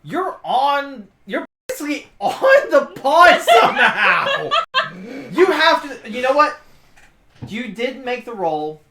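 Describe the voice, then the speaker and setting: A woman narrating a tabletop game as game master, animated with laughing asides. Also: high-pitched, slow. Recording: echoey room, faint noise.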